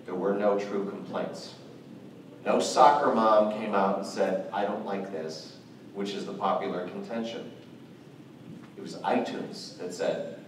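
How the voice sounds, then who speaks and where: A man's voice: fairly low pitch, a little slow, distant mic, slight background noise. A man on a convention comics panel, telling a long behind-the-scenes story. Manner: storytelling, explains at length. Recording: echoey hall, mic from afar.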